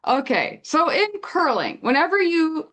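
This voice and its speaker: A young woman from Canada telling a story in casual chat, animated and acting out quotes. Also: high-pitched, a little slow. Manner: animated retelling with acted-out quotes. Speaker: guest storyteller.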